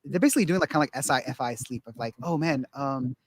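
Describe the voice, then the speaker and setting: A man's voice: medium pitch, quick pace, slightly rough, dry recording. A man talking casually on a podcast, rambling with many restarts and acting out quotes of other people. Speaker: guest.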